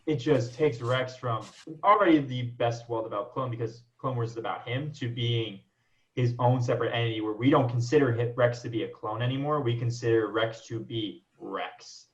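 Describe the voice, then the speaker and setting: A man makes his case slowly and carefully in a relaxed podcast chat. His voice has an ordinary pitch. The recording sounds dull and lo-fi. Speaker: podcast co-host. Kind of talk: casual fan chat.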